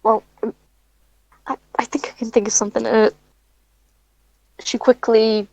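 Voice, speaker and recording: A woman describing her character's moves in a tabletop game, hesitant and full of small pauses. The recording is dry and close, with no room sound. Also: on the high side, little pitch movement, darkish tone, no echo, highs cut off. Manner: hesitant, halting. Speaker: player.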